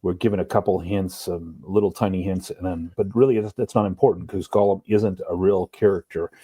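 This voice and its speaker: Deep, mellow-voiced man discussing a book. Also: fairly even intonation, slightly rough, dry recording. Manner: thoughtful, measured, with fillers. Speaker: podcast co-host.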